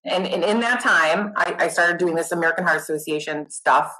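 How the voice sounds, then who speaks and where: A middle-aged woman, a nurse guest, chatting casually in an interview, animated and self-deprecating. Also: on the low side, brisk, low-quality recording.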